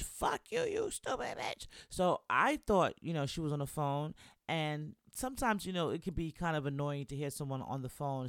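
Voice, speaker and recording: A young man hosts a solo podcast, talking casually in a smooth, fairly high voice. The recording is dry and studio quality. Chatty and encouraging, he constantly checks in with listeners using "right?" and "you know."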